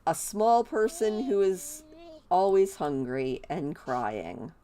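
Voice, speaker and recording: Brief: playful woman game commentator, lively pitch, relaxed slow delivery. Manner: chatty and playful, gushing over the game's babies. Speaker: gameplay commentator.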